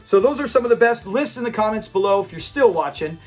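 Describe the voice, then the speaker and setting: A man with a high voice talks casually and eagerly as a channel host, looping back on himself and restarting sentences as he goes. Faint music plays softly behind him. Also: animated, fast talker. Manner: enthusiastic and rambling, with frequent restarts and quoted lines. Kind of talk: casual fan commentary on a classic sitcom.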